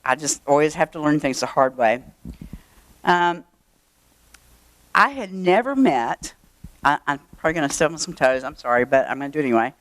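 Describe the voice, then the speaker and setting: A woman's voice: low-pitched, lively intonation, moderate pace, long pauses, no echo. An older woman, telling a personal story to a live audience in a chatty, wry way, with asides and fillers. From Texas. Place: event room.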